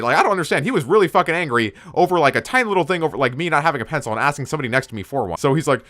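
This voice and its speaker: A man's voice: a little high, lively intonation, very fast, few pauses, fairly bright tone, dry recording. A young man casually telling a story from his school days, rambling off on tangents and cursing freely. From United States. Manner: rambling, digressive, swears a lot.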